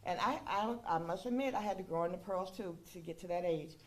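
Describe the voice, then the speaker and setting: A woman's voice: on the low side, brisk. Chatty woman telling stories at a funeral. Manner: chatty, animated, laughing, checks in with "okay?" and "you know". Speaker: friend giving a eulogy. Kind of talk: funeral tribute speech. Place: funeral service hall.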